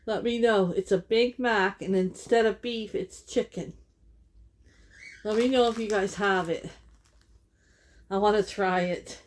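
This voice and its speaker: A woman's voice: medium pitch, unhurried, pauses often. A woman chatting casually while eating on camera, laughing often and correcting herself mid-sentence. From Canada. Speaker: vlogger. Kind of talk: casual mukbang chat.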